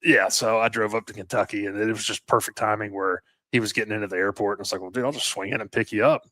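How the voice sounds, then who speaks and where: A man with a lowish voice tells a long story in a loose podcast chat. He rambles along with fillers and restarts and swears casually. The recording is dry and close. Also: fairly even intonation, quick pace, sharp tone, dry recording. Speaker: podcast co-host and landscaping business owner.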